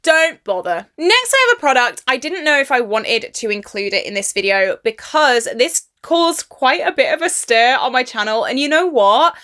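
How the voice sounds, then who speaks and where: A woman's voice: fairly high pitch, animated, moderate pace, few pauses, a bit bright. A young woman chatting through a makeup review vlog, emphatic and exasperated about a product. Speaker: beauty YouTuber.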